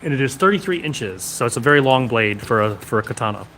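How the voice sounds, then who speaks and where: A man's voice: medium pitch, animated, quick pace, sharp tone, slight background noise. A man hosting a casual live stream from a sword shop, reading viewer comments and answering them one after another.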